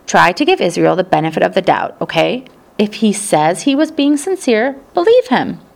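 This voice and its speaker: A woman reading the part of a patient, gentle male schoolteacher who speaks calmly to his pupils. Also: mid-range voice, normal speed, vocal fry. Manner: calm, patient.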